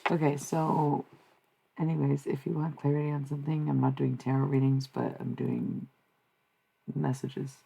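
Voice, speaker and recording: Low gravelly woman streaming. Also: flat delivery, normal speed, dark tone. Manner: blunt and profane, musing aloud. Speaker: streamer giving psychic messages. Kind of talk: casual livestream chat.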